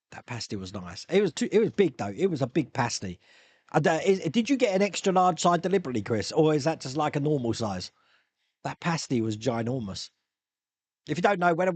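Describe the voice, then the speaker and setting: Man hosting chatty live-stream Q&A, lively pitch, slightly high voice, dry close sound. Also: breathy edge, no echo. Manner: chatty, rambling, reads viewer comments aloud. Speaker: live stream host answering viewer questions. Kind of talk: casual chat. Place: home hobby room.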